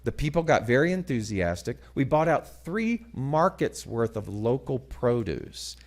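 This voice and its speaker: A middle-aged man giving a sermon-style talk, telling a story dramatically and moving between loud passages and hushed ones. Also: medium pitch, sing-song, measured pace. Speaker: guest speaker.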